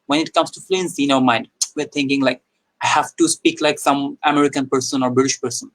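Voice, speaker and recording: A man's voice: mid-range voice, steady tone, brisk, fairly bright tone, rough recording. A young man with a Bangladeshi accent, teaching an English speaking lesson in a live stream, explaining with small restarts and frequent okays. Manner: explanatory, repeats himself with small restarts and "okay"s.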